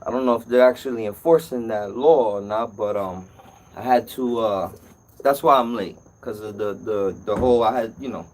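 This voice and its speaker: A man hosting a casual live-stream call-in show as an appliance repair technician, telling stories in an animated way. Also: fairly low pitch, moderate pace, low-quality recording. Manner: animated storytelling, acts out customer's voice.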